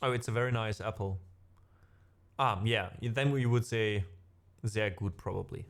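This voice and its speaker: A man's voice: fairly low pitch, measured pace. A middle-aged man with a German accent, a musician chatting casually with his stream viewers, rambling with lots of fillers. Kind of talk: casual chat with live chat.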